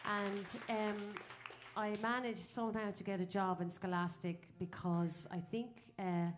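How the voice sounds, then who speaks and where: A woman's voice: medium pitch, little pitch movement, unhurried, some chatter behind, slight background noise. An Irish folk singer chatting onstage between songs, rambling with many fillers and laughing at her own stories. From Ireland. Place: small live music venue.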